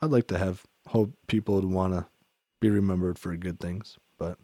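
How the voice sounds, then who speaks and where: A man's voice: low-pitched, steady tone, normal speed, warm tone, dry recording. A man talking through his thoughts in a casual faith-themed chat, rambling and reflective, filling his speech with "like" and restarting sentences.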